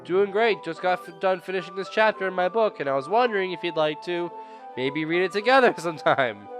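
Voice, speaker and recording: A man's voice: high-pitched, expressive, a little fast, music in the background. A man reading the lines of a shy, bookish teenage girl from a visual novel, hesitant and polite. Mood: shyly eager.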